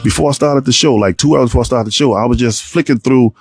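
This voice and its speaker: A man hosting a solo podcast, talking to his viewers in an animated, rambling way and acting out the people he quotes. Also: mid-range voice, quick pace, soft background music. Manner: animated, plays out quoted voices, rambling restarts. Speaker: podcast host. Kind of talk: solo opinion talk to viewers.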